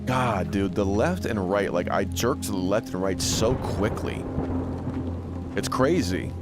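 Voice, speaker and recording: A deep-voiced man gives let's-play commentary on a survival horror game, full of sarcastic jokes. He reads on-screen text aloud as he goes. Game music and rain play under his voice. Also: measured pace. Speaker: gaming streamer.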